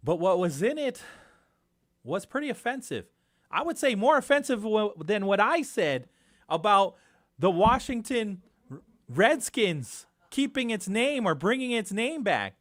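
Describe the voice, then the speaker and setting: A man with a Guam accent hosting a casual morning radio talk show, animated and indignant, moving between quiet asides and loud outbursts in a studio. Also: high voice, unhurried.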